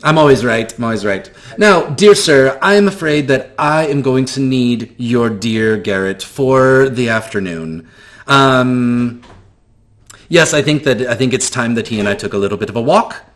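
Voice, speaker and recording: A man's voice: medium pitch, expressive, moderate pace, fairly bright tone, lightly acted. A man voicing a flamboyant, fussy male magical figure who gushes and repeats himself in a theatrical way. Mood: gushing.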